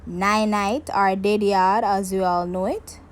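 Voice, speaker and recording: A woman's voice: medium pitch, fairly even intonation, slow pace, poor audio. Jamaican woman chatting through a cooking demo. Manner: chatty step-by-step explaining to viewers. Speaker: cooking channel host. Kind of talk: casual cooking demonstration.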